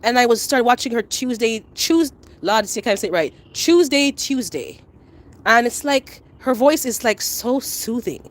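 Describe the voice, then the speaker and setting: A woman's voice: on the high side, moderate pace, hardly any pauses. A woman chatting casually on a live stream while she walks around her backyard garden, answering viewer comments. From Canada. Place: outdoor backyard garden near a rail line.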